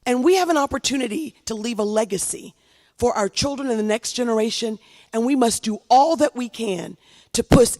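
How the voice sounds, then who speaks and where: A woman's voice: fairly high pitch, fairly quick, a little mellow, big-room sound. A congresswoman giving an impassioned speech at a commemoration, repeating phrases for emphasis. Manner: impassioned, rising to rallying calls.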